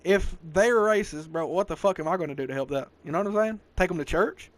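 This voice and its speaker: A man in his twenties with a thick Southern US accent hosts a casual podcast. He rambles and swears freely, tossing in "bro" and "dog" constantly. His voice runs a bit high for a man. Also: quick pace. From American South. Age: 20s. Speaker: podcast host. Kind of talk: casual chat.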